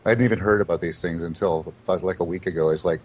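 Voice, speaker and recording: Low-voiced wry male podcast host. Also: steady tone, fast talker, darkish tone. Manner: wry, joking interviewer. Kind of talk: casual podcast chat.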